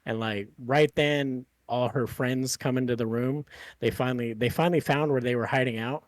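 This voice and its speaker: A man's voice: mid-range voice, steady tone, normal speed, no room sound. A man hosting a podcast, chatting casually in a rambling way with lots of fillers and swearing. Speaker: podcast host.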